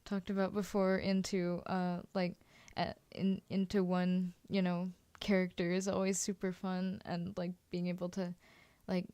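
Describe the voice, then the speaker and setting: A woman hosts a voice-acting workshop over a video call, talking casually with plenty of "like"s and "you know"s. Her voice is mellow and fairly flat in pitch. The sound is dry and close. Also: a little slow, smooth, no echo. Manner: filler-heavy, "like" and "you know".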